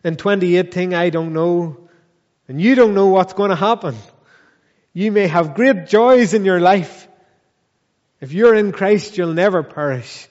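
A man preaches slowly and earnestly, his voice sitting high for a man. He presses his congregation with repeated questions and drawn-out emphatic phrases. The sound is dull and lo-fi, with long reverb from the church hall. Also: a little mellow. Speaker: pastor. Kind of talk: sermon.

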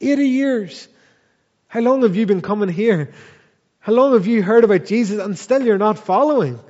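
A man preaching a sermon in a church, earnest and measured, pressing his listeners with repeated questions. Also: high voice, a little mellow, big-room sound, dull audio. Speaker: pastor.

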